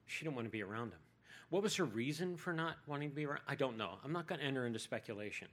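A man's voice: medium pitch, lively intonation, very fast, a bit bright. A man preaching a sermon in a conversational way, with jokey asides.

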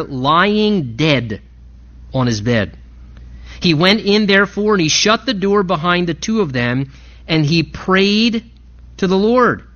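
A man preaching a sermon, impassioned and rising in pitch and volume to stress his points. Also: bright, forceful tone, muffled recording. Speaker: pastor.

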